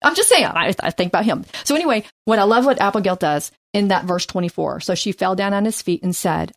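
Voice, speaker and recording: A middle-aged woman leading a casual Bible study chat, telling lively stories about her husband and reading scripture slowly. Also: mid-range voice, dry recording, studio quality. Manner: animated storyteller, reads scripture slowly.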